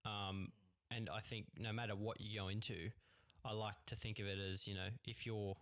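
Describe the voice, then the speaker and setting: A young Australian filmmaker chatting on a podcast in an easygoing, agreeable way. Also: male voice, fairly low pitch, flat delivery, moderate pace, fairly bright tone. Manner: easygoing, agreeable, lots of yeps. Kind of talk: casual podcast chat.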